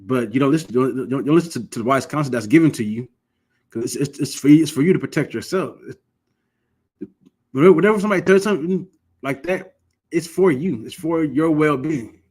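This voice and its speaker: A somewhat high-voiced man from Michigan teaching scripture in an easy, informal way. He presses his points earnestly, repeating words as he restarts his sentences. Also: expressive, a little fast, darkish tone, slightly rough. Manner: earnest, exhortative, frequent restarts. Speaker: religious law teacher.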